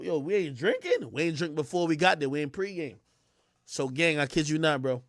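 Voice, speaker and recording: A young man telling a story on his livestream, excitable and loud, acting out the voices he quotes. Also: sits high, fairly quick, no room sound, studio quality. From Jamaica. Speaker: streamer.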